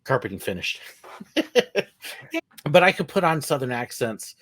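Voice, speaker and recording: A man from California telling relaxed stories over a video call, laughing often. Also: fairly high pitch, takes it slowly. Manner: easygoing storyteller, laughs often. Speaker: guest, former theme park ride skipper. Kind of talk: casual video call chat.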